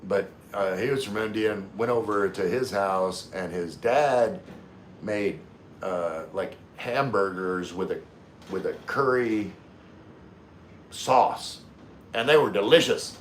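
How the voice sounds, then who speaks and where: A man's voice: fairly low pitch, a little hiss or hum. Laid-back Louisiana man livestreaming. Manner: laid-back, halting, many fillers and restarts. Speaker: livestream host. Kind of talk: casual livestream chat reading comments. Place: room in the Philippines. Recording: echoey room, faint ambience.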